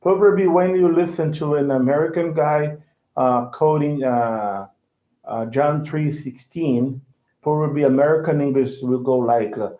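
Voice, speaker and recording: A man's voice: mid-range voice, steady tone, measured pace, narrow, tinny audio. Man teaching English pronunciation, roomy sound. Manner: repeats words to model pronunciation, checks understanding. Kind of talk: casual online lesson chat.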